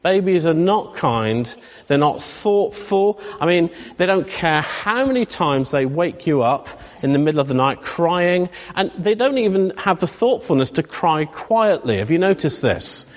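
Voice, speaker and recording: A man's voice: a little high, sing-song, unhurried. A man preaching a sermon in a humorous, conversational way, often asking the congregation questions. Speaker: pastor. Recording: dull sound with long hall reverb.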